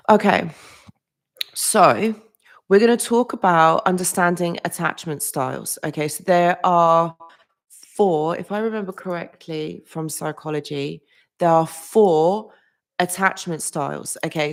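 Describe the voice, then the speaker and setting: A woman hosting a psychology live stream, chatting casually, greeting viewers by name, and leaning on "literally" and "like". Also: lowish voice. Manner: loose, with frequent restarts and small laughs. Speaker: psychology channel host.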